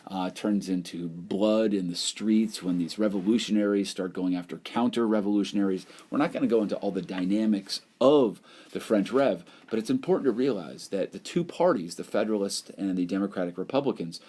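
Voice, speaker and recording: Low, mellow-voiced male history teacher. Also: brisk, few pauses, husky. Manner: loose, conversational explaining with frequent "you know" and "um". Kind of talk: recorded whiteboard lecture. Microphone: voice-over over whiteboard slides.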